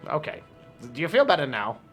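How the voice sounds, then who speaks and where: A man's voice: on the high side, wildly swooping pitch, brisk, a bit bright, faint music behind. A man playing his character in a tabletop game, rambling with many fillers and frequent laughs. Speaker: player. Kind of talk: in-character tabletop role-play.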